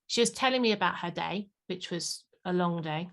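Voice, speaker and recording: A woman's voice: on the low side, moderate pace, a bit bright. A woman, a play and parenting consultant, talking animatedly in an interview and acting out parents and children. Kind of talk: podcast interview.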